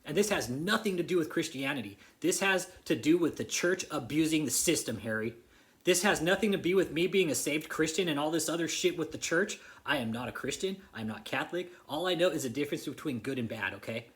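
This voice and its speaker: A man's voice: on the high side, lively intonation, brisk, fairly bright tone. A man vlogging an angry, profane rant straight to the camera, repeating himself and confronting someone by name. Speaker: vlogger exposing a church.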